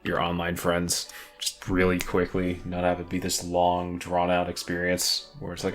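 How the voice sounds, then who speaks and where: A man's voice: deep voice, monotone, normal speed, soft background music. A man co-hosting a casual gaming podcast, rambling and laughing, swearing freely. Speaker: podcast co-host.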